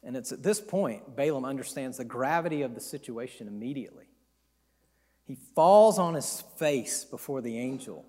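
A preacher retelling a Bible story in an animated, conversational sermon. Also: male voice, mid-range voice, normal speed, big-room sound.

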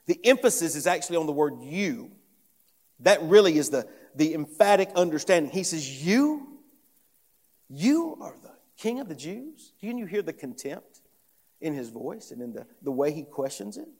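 A man's voice: on the high side, animated, normal speed, a little mellow. A pastor preaching an earnest sermon, emphatic and often repeating phrases as he builds each point. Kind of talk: expository sermon. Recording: long reverb of a large hall.

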